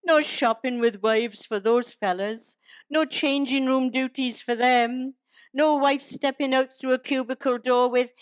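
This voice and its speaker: A woman's voice: high-pitched, fairly even intonation, a little slow, clean tone, dry recording. An older woman, reciting humorous poems and jokes to a live audience and teasing them along the way. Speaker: comic performer.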